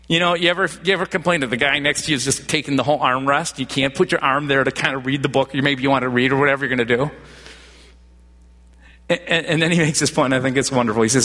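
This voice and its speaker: A man's voice: medium pitch, fairly quick, sharp tone, in a large hall. A male pastor preaching a sermon in a chatty storytelling way, often restarting his phrases. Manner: conversational storytelling with repeated restarts.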